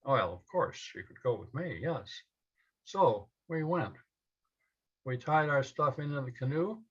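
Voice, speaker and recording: Male storyteller, unhurried and measured, husky edge, taped on muffled lo-fi gear. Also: medium pitch, lively intonation, fairly bright tone. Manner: slow, measured telling in short phrases. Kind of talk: personal story told to a live audience. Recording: dull lo-fi event recording.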